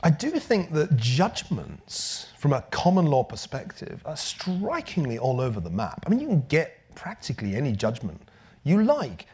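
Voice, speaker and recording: A man's voice: on the high side, normal speed, husky. Male speaker at a lectern; wry, emphatic, voice rising and falling a lot. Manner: dry wit, lively emphatic delivery. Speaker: lecturer. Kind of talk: public lecture and Q&A.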